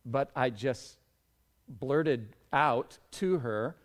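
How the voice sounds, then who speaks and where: Slow, animated male preacher. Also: fairly high pitch. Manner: conversational, dramatic storytelling, emphatic. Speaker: pastor. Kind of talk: sermon.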